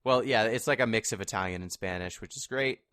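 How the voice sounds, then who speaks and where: A man's voice: fairly low pitch, fast talker, fairly bright tone, no echo. Dry-sounding man explaining game tips. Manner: explains at length, wry asides. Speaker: podcast co-host. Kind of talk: casual podcast chat.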